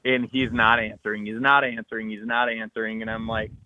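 A man co-hosting a podcast, telling an excited hunting story full of acted-out quotes and loud bursts. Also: lowish voice, a little fast, no echo, highs cut off. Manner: animated, loud bursts, frequent "like", acts out texts and quotes.

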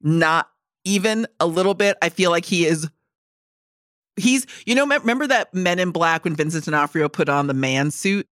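A woman's voice: lowish voice, expressive, moderate pace, a bit bright, no echo, studio quality. A woman co-hosting a podcast in casual chat, blunt and joking with some swearing. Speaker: podcast co-host.

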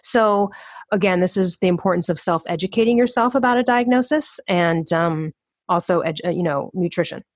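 A woman speaks on the low side for her sex, animated and emphatic as she talks through her points in an interview. She slips into other people's voices as she tells stories. The sound is close and dry. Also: fairly quick, dry recording. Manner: emphatic, acts out quoted voices. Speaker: guest.

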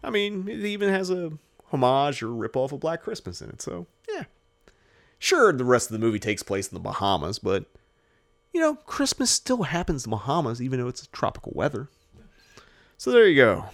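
A man hosting a movie podcast in casual chat, animated and profane, joking and acting out characters. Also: medium pitch, fairly quick. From Los Angeles area. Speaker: podcast host.

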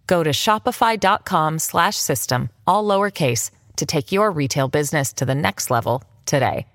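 Ad read: woman, low and lively voice, upbeat sales pitch, dry booth sound. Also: dry recording. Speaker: ad reader. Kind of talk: scripted radio ad read.

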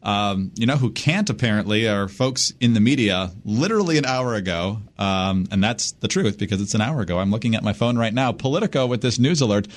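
A man's voice: on the low side, lively intonation, a little fast, few pauses. A man co-hosting a political talk podcast, teasing and sardonic as he reads the news. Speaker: podcast co-host. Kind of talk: casual political chat.

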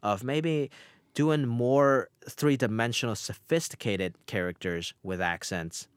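A man's voice: mid-range voice, a little slow, clear, resonant tone, no room sound, clean studio sound. A young man, an immigrant actor and author, answering interview questions earnestly with frequent fillers. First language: immigrant, grew up outside America.

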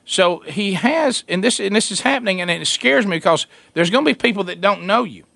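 A man in a casual chat, telling a family story with lots of laughter and squeaky impressions of a toddler. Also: brisk, vocal fry, dry recording. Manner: animated storyteller, high squeaky voices for a toddler, laughs often.

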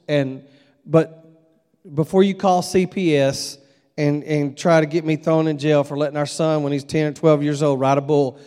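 A man's voice: on the high side, steady tone, normal speed, warm tone, clear, resonant tone. A middle-aged man preaching a conversational, storytelling sermon at a revival. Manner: folksy, conversational, acts out voices in his stories. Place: church sanctuary. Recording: long echo of a church hall.

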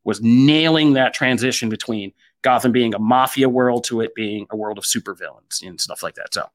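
A man co-hosting a casual pop-culture chat, animated and joking, jumping high and loud when he gets excited. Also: normal speed. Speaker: podcast co-host.

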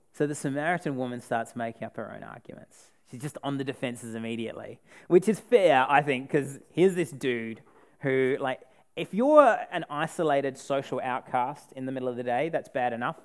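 A man's voice: medium pitch, normal speed. A man preaching a sermon in a casual, joking way, acting out the people in the story he retells. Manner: animated, acts out the people in the story.

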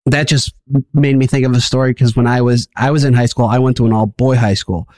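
A man's voice: mid-range voice, fairly even intonation, fairly quick, a little mellow, no room sound, studio quality. A man co-hosting a podcast, telling stories in an easygoing, casual way. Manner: easygoing storyteller. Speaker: podcast co-host.

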